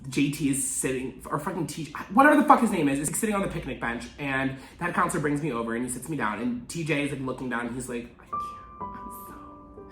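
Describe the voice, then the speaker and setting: A man's voice: expressive, fast, few pauses, a bit bright. A young man telling a story in casual vlog style, dramatic and full of swearing, with acted-out quotes. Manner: dramatic, swearing, acts out quotes in high voices. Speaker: vlogger. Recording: echoey room with faint music.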